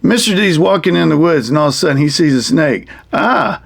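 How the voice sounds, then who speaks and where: A man's voice: a little high, expressive, fast, gravelly. A man teaching wilderness survival to kids, explaining in a rambling, folksy way with lots of fillers. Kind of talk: casual how-to demonstration for kids.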